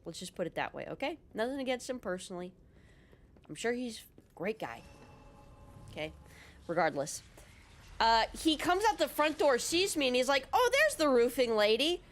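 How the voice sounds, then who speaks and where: A woman from California casually telling an anecdote over gameplay, animated and sometimes swearing. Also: a little high, normal speed, long pauses, a little hiss or hum. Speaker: gaming YouTuber.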